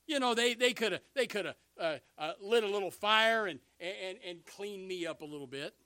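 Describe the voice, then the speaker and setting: A man preaching a sermon, animated, swinging between loud bursts and hushed asides. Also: high-pitched, normal speed, smooth, no echo.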